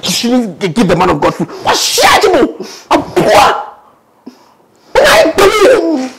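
A man playing a boastful, greedy self-styled pastor who shouts and babbles mock tongues in a comedy sketch. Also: high voice, huge pitch swings, measured pace, gravelly, a crowd in the background, full character voice. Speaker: comic pastor. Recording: noisy skit recording.

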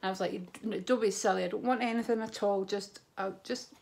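A woman's voice: medium pitch, steady tone, brisk, creaky, a little mellow. A Scottish woman vlogging from home, chatting to camera in an effusive, storytelling way. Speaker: beauty vlogger. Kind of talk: casual chat to camera.

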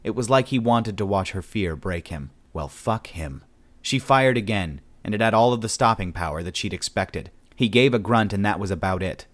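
A male audiobook narrator with a very deep voice. He reads a sci-fi story in a steady, measured way, keeping an even storytelling pace. The delivery stays grounded and unhurried.

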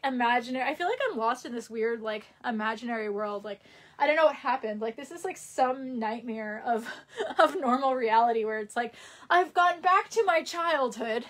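A young woman with a New York accent, rambling chattily while she chats on a livestream and reads out comments. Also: high voice. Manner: rambling and chatty, with many fillers and laughs. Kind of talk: casual livestream chat reading comments.

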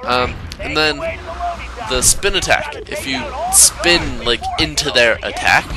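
A man giving rambling, joking commentary over his own gameplay, recorded at home afterward, with sudden squeaky impressions. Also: very animated, measured pace. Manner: goofy, rambling, bursts into high squeaky impressions. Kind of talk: casual let's play commentary. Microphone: home microphone, recorded after the gameplay. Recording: game music playing underneath.

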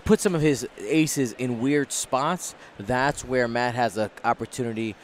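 A man's voice: medium pitch, unhurried. Laid back guy talking strategy on a game stream, kinda rambly, some faint noise. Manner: relaxed, thinks aloud with restarts. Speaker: co-commentator. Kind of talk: casual game commentary.

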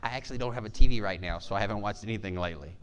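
A man preaching a conversational sermon in church, animated and joking with the congregation. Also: lowish voice, racing. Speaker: pastor. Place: church sanctuary.

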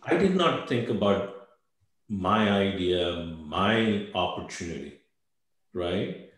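Older male panelist in his 60s, lowish voice, halting and repetitive, very roomy echo on a video call. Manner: hesitant, repeats words, ends points with "right?". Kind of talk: webinar panel discussion. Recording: very echoey room.

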